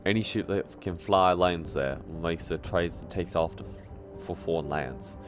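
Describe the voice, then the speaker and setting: A man's voice: sits low, unhurried. A man reading out a wry city guide. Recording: game music playing behind.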